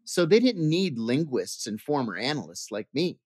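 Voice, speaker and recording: As a guest in an interview, a man who once served as a CIA officer answers with stories, performing the dialogue he quotes and often starting over. His medium-pitched voice is sing-song, a little mellow and husky, at a moderate pace, in a studio-quality recording without echo.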